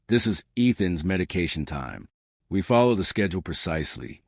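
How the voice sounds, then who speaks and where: Guy doing cold rich dad villain, clipped and condescending, lowish voice. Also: big pitch swings, a little fast, vocal fry, no room sound, studio quality, full character voice. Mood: cold menace. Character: wealthy middle-aged man, cold and menacing.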